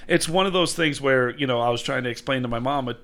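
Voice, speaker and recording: A man's voice: medium pitch, fast talker, fairly bright tone. Easygoing man in sports podcast chat. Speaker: podcast co-host.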